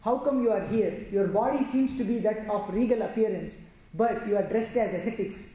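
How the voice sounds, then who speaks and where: A woman's voice: mid-range voice, normal speed, dark tone. A woman telling a devotional scripture story, chanting verses and explaining them line by line with many restarts. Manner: recites Sanskrit verses then explains them, with frequent restarts. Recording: very echoey room with faint noise.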